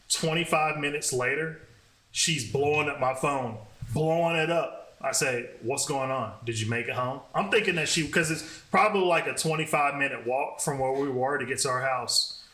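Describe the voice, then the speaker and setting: Profane, bright-voiced man telling a story. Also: medium pitch. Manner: profane, animated, fast talking. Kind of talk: casual storytelling vlog. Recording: roomy echo.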